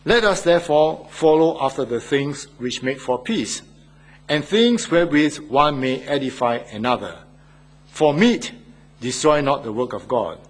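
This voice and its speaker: Older man preaching a sermon, husky. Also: mid-range voice, animated, unhurried. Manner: earnest, asks the listeners questions. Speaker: church elder preaching. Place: Australia.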